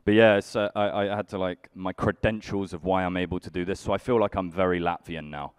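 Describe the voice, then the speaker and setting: Deep-voiced British stand-up man, dry wit. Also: fairly quick, clear, resonant tone, no room sound. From United Kingdom. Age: young adult. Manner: dry, self-deprecating, deadpan asides. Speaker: stand-up comedian. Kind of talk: stand-up comedy set. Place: conference stage before a live audience.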